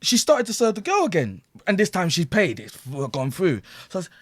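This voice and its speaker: A middle-aged man, a podcast guest, telling a story loudly, swearing, acting out the people he quotes and laughing often. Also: high voice, sing-song, brisk, few pauses, husky, dry recording, clean studio sound. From England. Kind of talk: animated storytelling.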